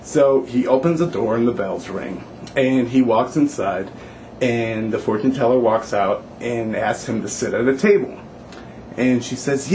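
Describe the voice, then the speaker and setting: A man's voice: medium pitch, measured pace, slight background noise. Casual male storyteller, easygoing, filler-heavy, talks to viewers. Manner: relaxed, with fillers and hedges.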